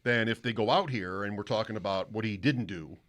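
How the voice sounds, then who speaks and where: A man's voice: on the low side, brisk, fairly bright tone. Chatty radio host man, rambling. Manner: rambling, self-interrupting, chatty. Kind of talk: casual sports talk. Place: radio studio.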